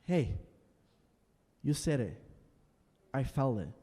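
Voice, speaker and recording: A young man performing an emotional solo stage monologue in a small basement venue, swinging between quiet and shouting. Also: medium pitch, very animated, takes it slowly, husky, in a large hall. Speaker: stand-up performer.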